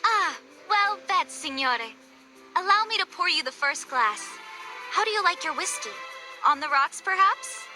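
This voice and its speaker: A gracious, lively star musician. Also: female voice, extremely high pitch, unhurried, faint music behind, heavily acted, low-quality recording. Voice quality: courteous, gushing over instruments.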